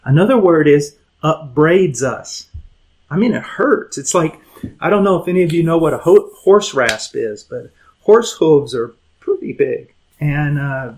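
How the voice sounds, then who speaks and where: A man's voice: a little high, darkish tone, breathy edge, poor audio. A man teaching a conversational Bible lesson to young people, earnest and emphatic, often repeating words, chuckling, and asking his listeners direct questions.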